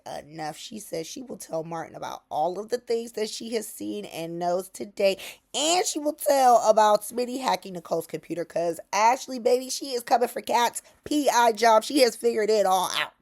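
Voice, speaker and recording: An animated woman recaps the latest soap episode in a casual vlog. Her pitch swings widely as she tells the story, and she drops in slang and sassy asides along the way. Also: moderate pace, gravelly. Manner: animated, acts out characters' lines in quotes; laughs often, slangy and sassy. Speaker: soap opera recap host.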